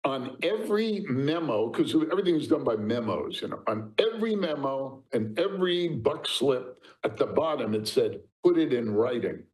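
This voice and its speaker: An older man spins show-business anecdotes as an interview guest. His voice sits at an ordinary middle pitch, and he tells his stories with lively energy and frequent laughter. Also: moderate pace, few pauses, low-quality recording. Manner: lively raconteur, laughing often. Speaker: interview guest, talent agent. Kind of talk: anecdotal storytelling.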